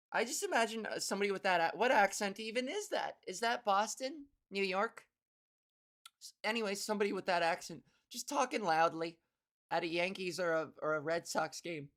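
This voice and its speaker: A woman's voice: mid-range voice, lively intonation, fairly quick, a bit bright. A woman podcast host and comedian doing a rambling, profane solo monologue. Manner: rambling, profane, self-interrupting.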